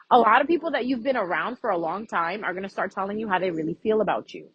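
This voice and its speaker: A woman's voice: fairly high pitch, expressive, quick pace, few pauses, slightly rough, no echo, poor audio. A woman giving a casual, frank astrology reading as a vlogger, chatty and freely swearing.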